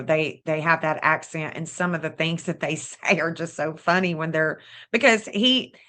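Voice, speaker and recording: A woman's voice: deep voice, fairly bright tone. A middle-aged woman with a Southern accent, chatting casually on a livestream, rambling and restarting her sentences. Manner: rambling, repeats herself, frequent restarts and small laughs. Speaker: online true-crime astrology host.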